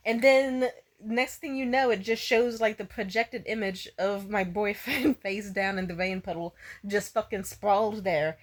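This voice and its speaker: A woman's voice: medium pitch, fairly even intonation, moderate pace. A woman vlogger casually telling a story, swearing freely, laughing often and saying "like" a lot. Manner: profane, laughs often, lots of "like".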